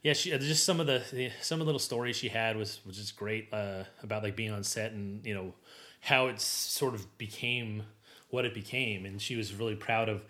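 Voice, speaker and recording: A man's voice: on the low side, normal speed, bright, forceful tone. Male guest, casual chat, rambling delivery full of fillers and restarts.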